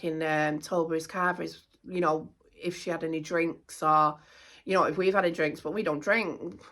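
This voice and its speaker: A middle-aged woman, talking casually to camera as a vlogger, animated and indignant, repeating herself. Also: fairly low pitch.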